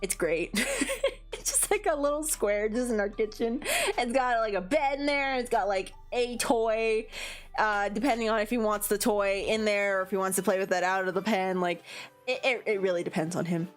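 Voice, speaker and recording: A woman's voice: medium pitch, normal speed, soft background music. A young woman streamer chatting casually, rambling with lots of fillers and giggles, her nose a bit congested. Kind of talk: casual chat.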